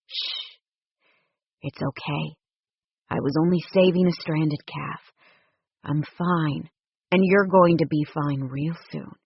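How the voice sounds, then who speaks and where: A woman voicing a gruff, tender rancher man. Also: deep voice, steady tone, slow, no echo, muffled recording, pitched below the performer's own voice, heavily acted. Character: gruff protective male rancher, young adult.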